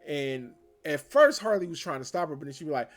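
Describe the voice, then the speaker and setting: A man's voice: on the high side, big pitch swings, a little fast, faint music behind. A man hosting a casual show review, retelling episode events in a rambling, conversational way and chuckling often. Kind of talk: casual spoiler review recap.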